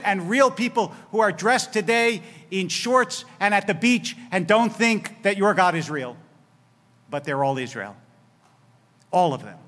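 A man's voice: sits high, fairly bright tone. A man preaching as a rabbi, telling a scripture story with wry humor and dramatic quoted lines. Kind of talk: sermon. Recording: long hall reverb.

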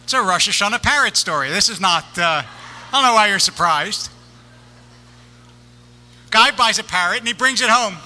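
A man's voice: high voice, expressive, moderate pace, long pauses, pushed and bright, long reverb tail. A man, a rabbi, giving a sermon in a synagogue, telling stories with wry comic timing.

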